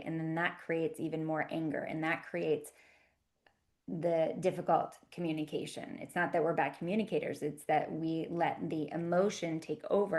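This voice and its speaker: A woman teaching in a gentle, conversational way, often checking in with asides. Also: sits low. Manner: gentle, conversational, many "you know" and "right?" asides. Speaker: communication teacher. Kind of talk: calm instructional talk to camera.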